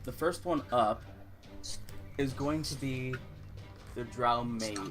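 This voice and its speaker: Guy dm narrating a tabletop game, mid pitch voice, laid back with lots of ums. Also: takes it slowly, faint music behind. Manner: relaxed, with frequent ums and uhs. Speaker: dungeon master.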